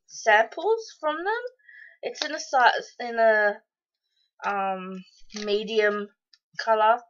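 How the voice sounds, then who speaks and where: An Australian woman chatting casually through a beauty box unboxing, excitable and rambling, with lots of ums and happy squeals. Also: fairly high pitch, dull audio. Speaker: beauty vlogger.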